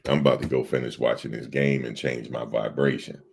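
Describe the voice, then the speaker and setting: A man with a very deep, gravelly voice hosts a casual livestream. He rambles loosely and answers his viewers in the chat as he goes. His tone is husky and worn. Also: fairly even intonation, brisk, darkish tone. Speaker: livestream host.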